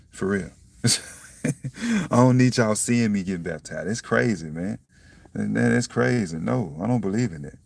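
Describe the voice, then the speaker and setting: A young man musing on faith in a casual, blunt, profane monologue, breaking into loud laughs and saying "you see what I'm saying" again and again. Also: fairly low pitch, creaky, no room sound. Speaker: self-styled preacher vlogger. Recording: dry, from a distance to the mic.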